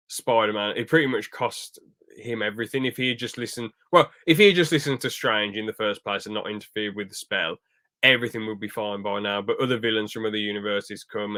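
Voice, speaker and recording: A man's voice: fairly low pitch, a bit bright. A young man reviewing a film on a podcast in casual chat, rambling and restarting his sentences, acting out quotes as he goes. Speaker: podcast host.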